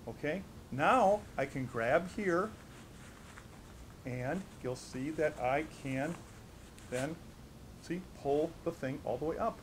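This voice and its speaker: A man's voice: fairly high pitch, takes it slowly, pauses often, a little hiss or hum. A man teaching as a doctor, demonstrating a hands-on technique and repeating the key steps with emphasis. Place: studio against a black backdrop.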